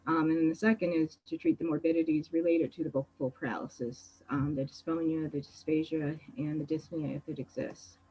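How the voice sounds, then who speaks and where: A woman laryngologist starting an online medical presentation in a measured, organized way. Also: low voice, steady tone, mellow, husky. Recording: slightly dull, lo-fi audio.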